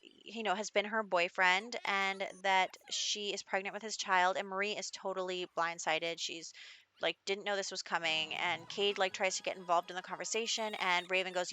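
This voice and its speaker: A young woman narrates her life-sim game in a chatty, upbeat way, full of casual fillers. Her voice is bright and forward. The sound is dry, with no room echo. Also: mid-range voice, steady tone, moderate pace. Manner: chatty and upbeat, with frequent fillers like "like" and "you know". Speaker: gaming channel host.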